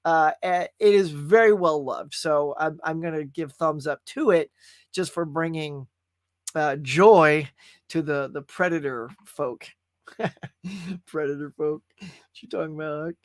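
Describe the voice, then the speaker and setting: In a clean studio recording with no echo, a folksy man hosts a live movie stream, chatting casually with viewers and often calling them "y'all." His voice is fairly high and his pace slow.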